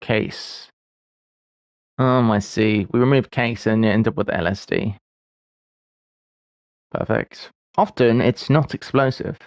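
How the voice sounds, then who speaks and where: With a fairly low pitch and a slow pace broken by long pauses, a man in his forties mutters his way through puzzles on a live stream, chuckling at his blunders. The recording carries no room sound.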